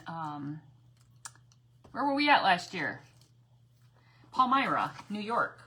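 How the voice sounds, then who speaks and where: A woman's voice: fairly low pitch, a bit bright, breathy edge. Chatty woman hosting a craft livestream. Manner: chatty and rambling, reads out viewer comments while working; frequent self-corrections and repeated phrases. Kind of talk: casual craft livestream chat.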